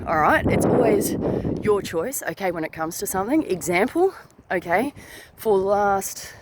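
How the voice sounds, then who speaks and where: A woman who works as a spirit channeler, chatting casually to viewers, laughing often, dropping many fillers and "all right?" tags, and climbing high in pitch as she tells a story. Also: normal speed, background noise. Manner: animated, rising high when telling a story.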